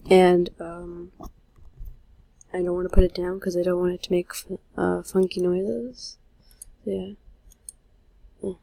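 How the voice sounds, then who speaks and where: A young woman chats through a casual gameplay video at an unhurried pace, her voice soft and a little breathy. She rambles, trails off and pokes fun at herself while typing and playing. The sound is close and dry, from a mic she holds in her hand. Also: on the low side, flat delivery, dry recording, poor audio. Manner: rambling and self-mocking, trailing off. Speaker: gaming vlogger. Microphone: handheld microphone.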